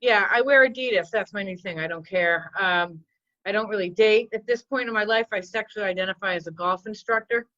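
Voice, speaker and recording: A woman in her forties, a comedian rambling through self-mocking stand-up bits with a deadpan delivery. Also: medium pitch, a little fast, dry recording, muffled recording. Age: 40s.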